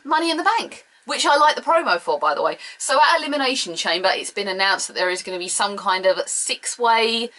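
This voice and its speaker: British woman ranting through a solo review, sarcastic and blunt, bright sharp voice. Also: mid-range voice, rough recording. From United Kingdom. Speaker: show reviewer.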